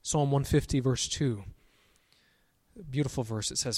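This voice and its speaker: A pastor preaching a sermon, emphatic on his declarations and softer on quiet asides. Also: medium pitch, unhurried, breathy edge. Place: church sanctuary. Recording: long church reverb.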